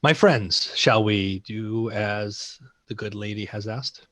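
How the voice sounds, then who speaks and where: A formal, courtly human adventurer, played by a man in a low, unhurried voice. He chooses each polite word with care, and the sound is dry and close over a video call. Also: a bit bright, dry recording.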